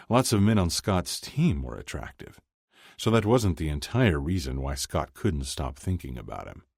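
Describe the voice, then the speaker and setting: A man narrating an audiobook in an expressive storytelling manner. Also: very deep voice, gravelly, no room sound, clean studio sound.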